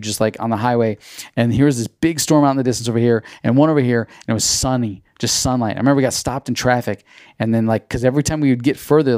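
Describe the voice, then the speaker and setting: Young guy rambling through a story on his podcast, talks fast, lots of "like," acts out what people said. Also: darkish tone, no room sound, clean studio sound. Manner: rambling, heavy use of "like" and "you know"; acts out quoted dialogue with pitch jumps. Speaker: podcast host. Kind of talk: casual storytelling monologue.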